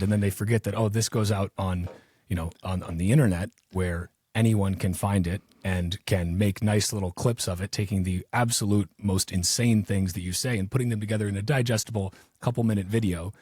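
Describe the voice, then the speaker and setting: A man's voice: fairly low pitch, steady tone, fairly quick, darkish tone, slightly rough, no room sound, clean studio sound. A man hosting a podcast in casual conversation, talking in a sarcastic, mocking way. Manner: sarcastic, mocking quoted officials. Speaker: podcast host.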